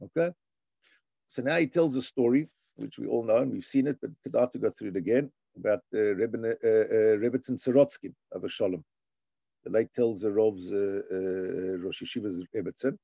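A man teaches from a text in a gravelly, husky voice. His pitch lifts into a chant on the passages he reads before he drops back to explain them. The recording sounds dry and dull. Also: moderate pace, dry recording. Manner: animated, sing-song rises on the read passages. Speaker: Torah teacher. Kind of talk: lecture reading a text and translating.

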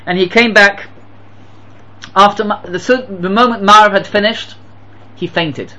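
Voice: medium pitch, steady tone, moderate pace, pushed and bright, poor audio. A Torah teacher giving an impassioned sermon, telling stories and pressing rhetorical questions with emphatic repetition. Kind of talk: sermon with storytelling.

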